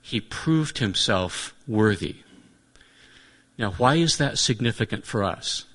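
Male preacher, earnest and reflective, slightly low voice, restates his points. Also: expressive, slow pace, fairly bright tone. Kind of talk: sermon.

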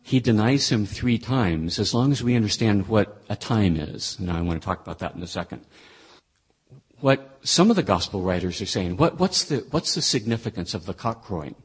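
A man with a low, husky voice teaches a Bible lesson. He talks it through conversationally, pausing and restarting as he thinks. His delivery stays plain and explanatory. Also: lively intonation. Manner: thoughtful, conversational, with frequent restarts. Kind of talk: explaining a scripture passage.

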